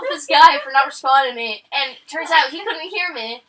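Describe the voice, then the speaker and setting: A woman's voice: high-pitched, animated, brisk, bright, forceful tone, recorded from a distance. A young woman co-hosting a gaming channel, telling stories casually and swearing freely. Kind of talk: casual storytelling over gameplay.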